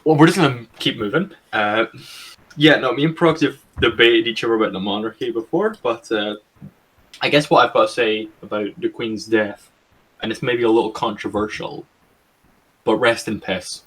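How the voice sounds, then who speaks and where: A man's voice: medium pitch, brisk, fairly bright tone, husky. A young British man hosting a podcast, chatting casually over a voice call, rambling, swearing and laughing easily. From Britain. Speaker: podcast host.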